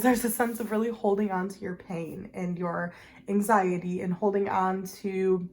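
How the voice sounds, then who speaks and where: A woman giving a casual, rambling tarot reading to camera, full of fillers and small laughs at herself. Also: mid-range voice. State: has the hiccups. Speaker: tarot reader.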